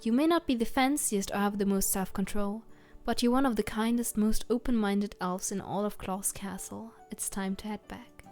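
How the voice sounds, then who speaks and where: A woman's voice: medium pitch, moderate pace, hardly any pauses, a little mellow, soft background music. Woman reading a game aloud. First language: German. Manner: reads narration steadily, adds German asides. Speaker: let's player.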